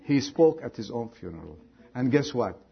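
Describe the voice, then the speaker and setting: Animated husky male preacher. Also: medium pitch, normal speed, lo-fi sound. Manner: animated, shifts from loud exhortation to hushed prayer. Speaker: pastor. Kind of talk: sermon.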